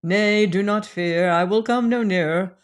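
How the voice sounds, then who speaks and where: A woman's voice: medium pitch, measured pace, smooth, natural voice. A woman reader voicing a proud, heartbroken young woman in an audiobook. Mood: pleading. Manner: pleading, then fiercely proud. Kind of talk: audiobook character reading.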